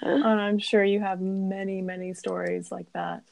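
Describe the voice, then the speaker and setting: A woman hosting a casual podcast interview, soft-spoken and rambling, with many fillers. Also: mid-range voice, level tone, normal speed, gravelly, no echo. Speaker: podcast host.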